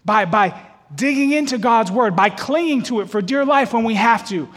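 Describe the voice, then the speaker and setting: A man preaching a sermon, telling a story and rising to loud shouted peaks before a laughing congregation. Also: very high voice, lively intonation, moderate pace, long reverb tail.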